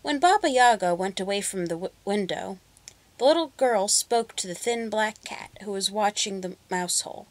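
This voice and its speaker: A woman's voice: medium pitch, moderate pace, dry recording. Woman reading a fairy tale aloud. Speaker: storyteller. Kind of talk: storybook reading.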